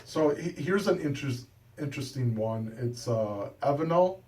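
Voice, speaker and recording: A man's voice: mid-range voice, lively intonation, moderate pace, a little mellow, distant mic, low-quality recording. A male talk show host chatting casually about court cases, joking sarcastically and reading from an article. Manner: sarcastic, jokey, reads from an article. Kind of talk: casual political talk chat. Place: radio studio.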